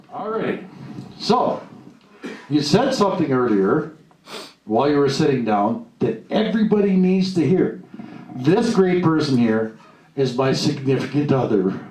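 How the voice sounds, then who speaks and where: A man giving a live motivational talk to an audience, blunt and animated, acting out the lines he quotes. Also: mid-range voice, moderate pace. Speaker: motivational speaker. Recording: echoey room, mic at a distance, faint noise.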